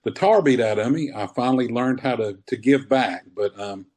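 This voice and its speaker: A man in his fifties, a wrestler telling old stories in a relaxed, rambling way during an interview. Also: mid-range voice, normal speed. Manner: rambling, laid-back, says man often. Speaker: wrestler guest. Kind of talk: casual interview storytelling.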